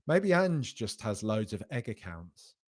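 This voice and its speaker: A man's voice: fairly low pitch, very animated, slow. A young man hosts a loose, conversational football podcast and talks straight at his viewers. He argues emphatically, circles back to repeat his key phrases, and his voice rises when he insists something is true. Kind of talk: casual live-stream commentary reading chat.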